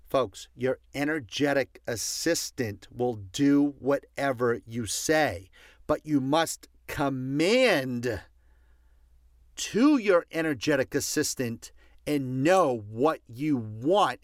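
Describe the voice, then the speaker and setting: A man's voice: medium pitch, a bit bright, no room sound, clean studio sound. A man giving a passionate motivational talk, stressing his points by repeating commands. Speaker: motivational speaker.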